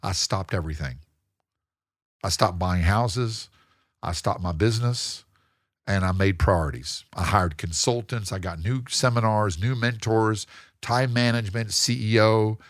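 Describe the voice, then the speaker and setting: Guy on a podcast telling stories, low voice, dry close sound, acts out other people. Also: measured pace, dry recording. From United States. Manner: animated storyteller, acts out quoted people. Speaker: guest, real estate investor. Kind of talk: casual interview storytelling.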